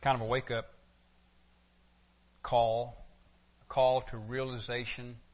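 A male pastor preaching verse by verse at a middle pitch. He speaks conversationally and often checks in with rhetorical questions. The recording is dull and lo-fi. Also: little pitch movement, takes it slowly. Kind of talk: expository sermon.

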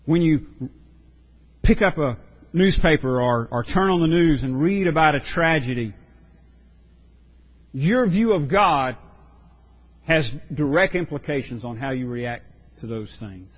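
A pastor preaching a sermon, earnest and emphatic, often repeating words for stress. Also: male voice, on the high side, expressive, a little slow, pauses often, highs cut off.

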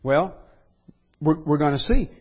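A man preaching a sermon in an earnest way, rising to loud pleading when he voices quotes. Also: a little high, expressive, unhurried, dull audio. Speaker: pastor.

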